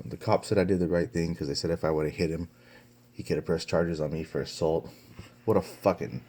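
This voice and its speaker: A man's voice: low voice, a little mellow, slightly rough. A young man telling a story to his vlog camera in a casual, profane way, with lots of fillers and restarts. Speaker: vlogger.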